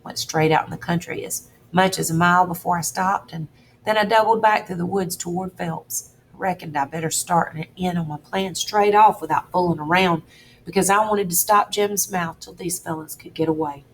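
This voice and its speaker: Female audiobook reader, low-ish voice, steady folksy first-person storytelling, faint hiss. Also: normal speed, poor audio. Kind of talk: audiobook reading of a classic novel.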